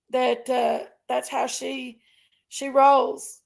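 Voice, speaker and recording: Lady ranting on her stream, slow drawl, fired up, keeps repeating herself. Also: sits high, creaky. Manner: indignant, emphatic, repetitive, reads chat aloud. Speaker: live stream host. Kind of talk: casual livestream rant.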